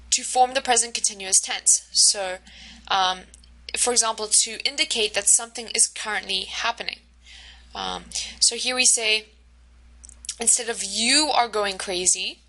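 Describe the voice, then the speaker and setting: A woman's voice: medium pitch, pushed and bright, low-quality recording. A woman teacher giving a recorded lecture over slides, explaining step by step with frequent fillers and checks like "right?".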